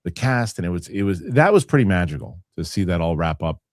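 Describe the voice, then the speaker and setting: A man's voice: low voice, big pitch swings, brisk, no echo, studio quality. A middle-aged man hosting a casual live show, rambling through viewer comments and swearing freely. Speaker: host.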